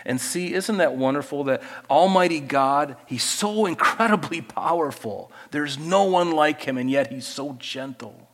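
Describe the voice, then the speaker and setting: Animated pastor preaching scripture. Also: male voice, on the high side, measured pace, few pauses, long reverb tail. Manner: animated, swings from loud emphatic scripture reading to quiet asides; conversational, asks rhetorical questions. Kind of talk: expository sermon.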